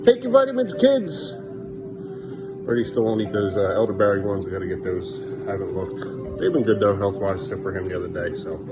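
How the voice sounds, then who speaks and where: A man's voice: low voice, steady tone, quick pace, loud music behind the voice. A man filming his family at home, talking in a sing-song voice to his kids and muttering weary asides. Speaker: parent vlogger. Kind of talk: casual family vlog.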